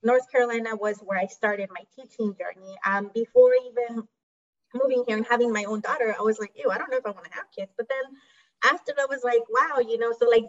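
A woman from Mexico, a teacher and podcast guest, chatting casually with many filler words. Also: fairly high pitch. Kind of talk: casual conversational storytelling. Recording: muffled distant remote audio.

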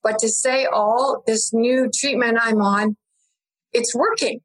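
A woman's voice: fairly high pitch, steady tone, measured pace, low-quality recording. A woman chatting as a guest, upbeat, laughing often and acting out the dialogue in her stories. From Canada. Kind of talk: casual chat.

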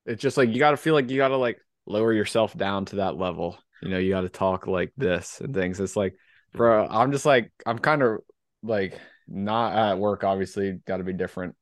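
A man's voice: on the low side, normal speed, no room sound, clean studio sound. A man in his twenties co-hosting a casual podcast, joking, laughing easily and rambling. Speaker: podcast co-host.

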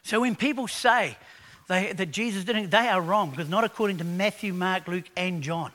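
A man preaching a sermon, animated and conversational, telling stories to his congregation. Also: high voice, normal speed. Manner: animated preaching with acted quotes; conversational storytelling. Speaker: pastor.

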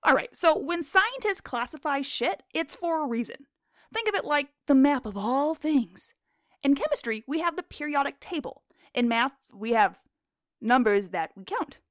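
A woman with a high, bouncing voice hosts a podcast and narrates animal facts, joking at her own expense. The recording is dry and close, with no room sound. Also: sing-song, normal speed, a bit bright, no room sound. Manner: jokey, self-deprecating, quizzes herself in a game-show bit. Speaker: podcast host.

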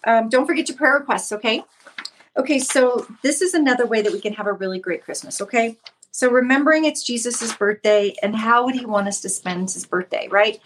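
A woman's voice: a little high, a little fast, slight background noise. A middle-aged woman hosting a casual Christian livestream, teaching in a conversational way and greeting viewers by name. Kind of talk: casual devotional talk.

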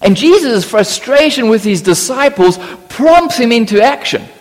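A man's voice: extremely high pitch, animated, normal speed. A man preaching a sermon, acting out biblical voices with humorous asides. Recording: long reverb of a church hall.

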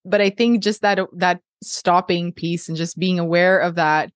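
A woman's voice: on the low side, steady tone, normal speed, dry recording, clean studio sound. A woman in her thirties hosting a casual parenting chat, thinking aloud with frequent restarts and laughs. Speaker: podcast host.

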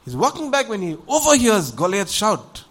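Man, preacher, high voice, conversational sermon, rhetorical questions. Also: moderate pace. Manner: animated storytelling with acted voices. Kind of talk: sermon retelling a Bible story.

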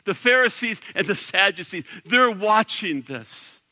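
A man preaching a sermon as pastor, animated and acting out the voices of the people he quotes. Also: high voice, measured pace, no room sound, low-quality recording.

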